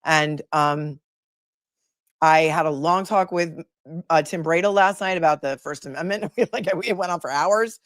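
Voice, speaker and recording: A woman's voice: sits low, moderate pace, dry recording, clean studio sound. A woman attorney hosting a casual livestream, chatting and rambling as she reads viewer comments aloud, older than her peers. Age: older than her peers, calls herself the old lady of the group. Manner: chatty and rambling, with many fillers and restarts.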